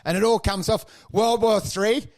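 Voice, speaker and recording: Aussie guy with a really high voice, ranting and swearing on a comedy podcast, cracking himself up. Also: normal speed. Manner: excitable, swearing, riffing, laughing. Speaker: podcast co-host. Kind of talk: crude comedic podcast banter.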